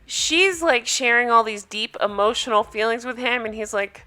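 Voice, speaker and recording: A woman's voice: fairly high pitch, moderate pace, few pauses, sharp tone, clear, resonant tone, faint music behind. A woman chatting casually with viewers as she recaps a reality show, amused and talkative.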